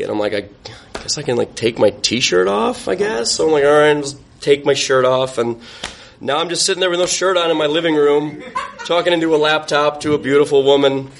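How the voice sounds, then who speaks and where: A man's voice: on the high side, fairly quick, vocal fry. A young man on a podcast, wryly telling a self-mocking personal story and laughing through it. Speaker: podcast guest.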